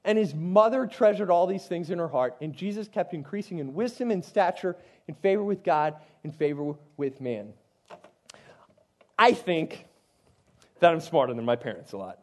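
A man's voice: a little high, lively intonation, normal speed. A man, a youth pastor, teaching from the Bible in a casual, conversational way with frequent asides to his listeners.

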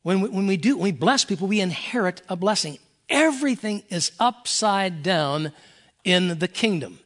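A man's voice: high-pitched, lively intonation, moderate pace, a bit bright. An older man, a pastor emeritus, preaching a folksy, earnest sermon and reading scripture aloud.

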